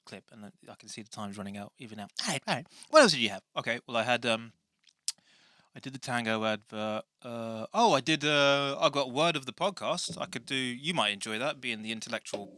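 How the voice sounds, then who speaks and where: A man's voice: mid-range voice, brisk, bright, forceful tone, no room sound, clean studio sound. A man hosting his podcast in casual, rambling chat with many restarts. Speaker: podcast host.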